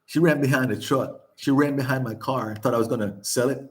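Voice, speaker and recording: Older man, vlog host, casual candid storyteller who laughs often and swears freely; mid-pitched voice. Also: a little fast. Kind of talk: casual chat.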